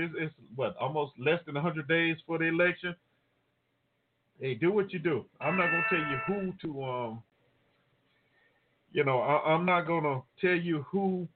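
Easygoing man signing off over a tinny line. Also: on the high side. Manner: laid-back, chatty, laughs easily. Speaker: host of a call-in talk show. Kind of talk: casual show sign-off. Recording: tinny phone-line audio.

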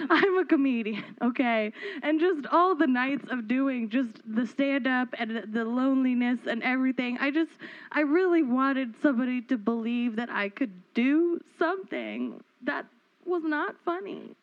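High-voiced woman in improv comedy. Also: animated. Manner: halting, playful, bursts of laughter. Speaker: improv performer. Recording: dull lo-fi sound.

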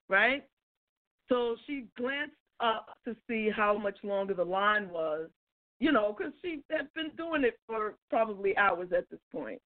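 A woman co-hosting a talk show, telling a story in a casual, animated, self-mocking way and laughing often. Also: mid-range voice, a little slow, phone-quality sound. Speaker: co-host.

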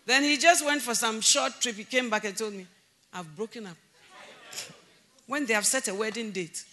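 A woman preaching a sermon in a church, animated, breaking into loud emphasis and laughter as she acts out conversations. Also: a little high, moderate pace.

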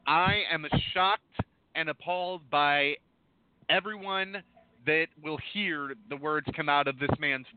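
A man's voice: a little high, takes it slowly, clear, resonant tone, no echo. Indignant male talk show host. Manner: emphatic, indignant. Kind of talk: call-in radio talk. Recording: tinny phone line.

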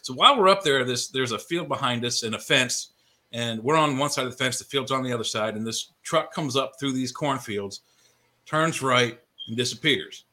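Bright-voiced man telling a story. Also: mid-range voice, moderate pace. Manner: storyteller, builds to punchlines. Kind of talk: casual talk show storytelling.

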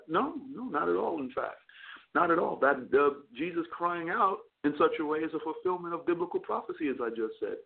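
A chaplain preaching on radio, his somewhat high voice gravelly and rough at the edges. He repeats himself as he builds toward fervent peaks. The sound comes through thin and tinny, like a phone line. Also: brisk. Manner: repeats words while preaching, rises into fervent crescendos. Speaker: radio talk show host and chaplain. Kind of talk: preaching sermon on call-in radio.

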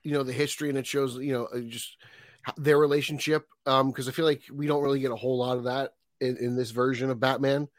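A man co-hosting a casual film podcast, relaxed and chatty, laughing often. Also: mid-range voice, fast talker, no room sound. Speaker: podcast co-host.

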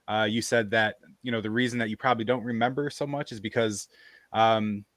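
A man's voice: on the low side, brisk, no echo. A man hosting a podcast, telling a story in casual chat and acting out what others said. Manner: animated storyteller, acts out quoted voices. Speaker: podcast host.

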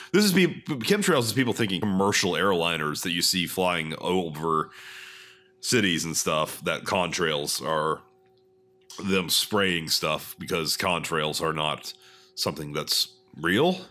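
A man from Texas co-hosting a comedy podcast, talking in a wry, deliberate, profane way. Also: low voice, lively intonation, bright, forceful tone. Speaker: podcast co-host. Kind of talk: casual comedy chat.

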